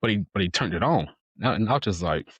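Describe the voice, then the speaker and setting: A man hosting a casual chat, relaxed, repeating words and quoting himself as he tells a story. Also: lowish voice, racing, breathy edge, no room sound, highs cut off. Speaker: podcast host.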